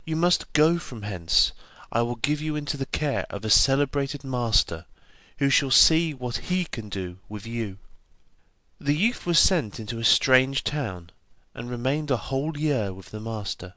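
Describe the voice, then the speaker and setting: A man reading an old fairy tale aloud in a measured storybook manner, giving the characters' lines a light touch of voice. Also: medium pitch, lively intonation, bright, forceful tone, dry recording. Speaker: narrator.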